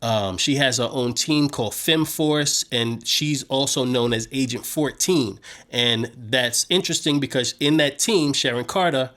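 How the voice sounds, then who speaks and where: A man hosting a casual recap, talking slangy and animated, retelling scenes. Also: medium pitch. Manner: slangy, animated, paraphrases scenes in his own street voice. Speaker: show host.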